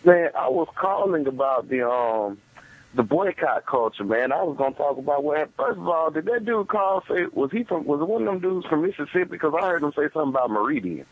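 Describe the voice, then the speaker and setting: Husky-voiced male caller on a phone line. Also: fairly high pitch, lively intonation, brisk, dry recording. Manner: laid-back, stammers at times. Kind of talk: casual phone call. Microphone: telephone.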